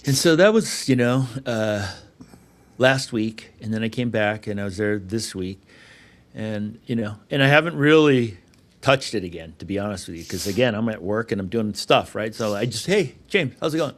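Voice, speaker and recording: A middle-aged man with a low voice hosts a casual podcast chat. He tells his stories with big swings, bursting loud and then dropping to a hushed murmur. He curses casually. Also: moderate pace. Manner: swears casually. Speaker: podcast host. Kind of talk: casual conversation, storytelling.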